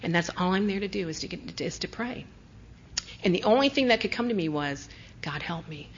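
Woman, earnest confessional testimony, medium pitch, dull lo-fi sound. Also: animated, brisk, slight background noise. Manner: earnest, confessional, soft-spoken at moments. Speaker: recovery speaker sharing her story. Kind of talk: personal testimony.

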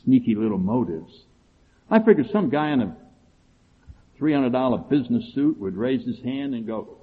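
A middle-aged man tells his story to a recovery meeting, his pitch swinging up and down as he acts out what others said. The sound is thin and tinny, like it came over a phone, with a faint hiss underneath. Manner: animated, acting out other people's replies in quick voices. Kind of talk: storytelling talk to a recovery group.

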